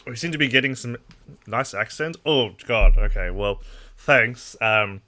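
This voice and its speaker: A young man with an Australian accent tinged with English, chatting loosely at his desk mic on a live political stream. His voice sits mid-pitch but rings bright and forward. He drifts from thought to thought, answering chat as it comes. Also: unhurried. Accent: Australian with a trace of English. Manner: rambling, reacting to chat messages.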